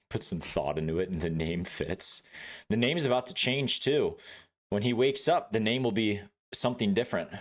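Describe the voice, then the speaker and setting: A man's voice: lowish voice, lively intonation, unhurried, long pauses. A man casually chatting with viewers during a gameplay livestream, swearing freely, laughing and greeting chat by name.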